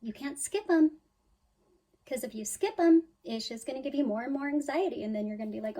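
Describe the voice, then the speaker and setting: A woman's voice: fairly high pitch, expressive, normal speed, dark tone, poor audio. A woman giving a spiritual tarot reading, talking straight to her listener in an emphatic, soothing way, with sighs and quoted worries. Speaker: tarot reader.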